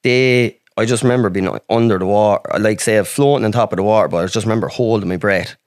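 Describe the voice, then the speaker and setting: Recorded with clean studio sound and no echo, a fast-talking man from Ireland with a voice on the low side tells a long personal story as a podcast guest. His casual storytelling rambles, is full of swearing and keeps restarting.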